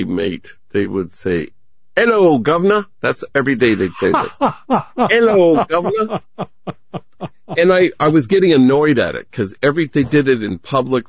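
Gravelly, animated older man. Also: mid-range voice, no echo, muffled recording. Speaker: priest and interview guest. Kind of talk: reflective interview talk.

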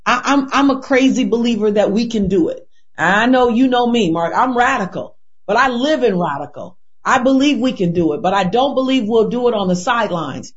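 A woman's voice: on the high side, lively intonation, moderate pace. A woman answering in an interview with passion, asking rhetorical questions and often repeating or restarting words. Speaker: interview guest. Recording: dull lo-fi recording.

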